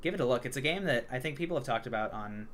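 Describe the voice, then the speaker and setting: A man's voice: medium pitch, animated, rapid-fire, fairly bright tone. A young man co-hosting a podcast in casual chat, telling stories loosely with lots of filler words. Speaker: podcast co-host. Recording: faint background noise.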